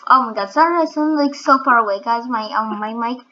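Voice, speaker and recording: A woman giving excitable, giggly commentary over her own gameplay, full of sudden exclamations. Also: a little high, fairly quick, muffled recording, slight background noise. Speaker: gaming channel host.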